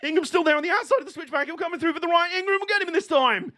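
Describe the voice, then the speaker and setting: A man with a high, light voice calls a motor race live for his stream, bursting into laughter and swearing freely. He sounds excitable and quick to react. The sound is dry and close, with no room around it. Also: no room sound. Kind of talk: live watch-along race commentary.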